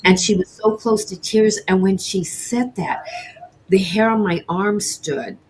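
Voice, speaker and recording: A woman's voice: medium pitch, unhurried, a little hiss or hum. A middle-aged woman, a baker, candidly telling a personal story on an interview show and acting out the voices of people she quotes. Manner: animated, acts out quoted voices. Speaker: guest, cheesecake baker.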